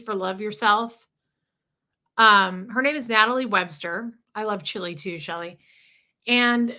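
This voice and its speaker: Young woman chatting on her livestream, kinda high bright voice, reading off viewer names. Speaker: livestream host. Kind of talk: casual livestream chat with viewers.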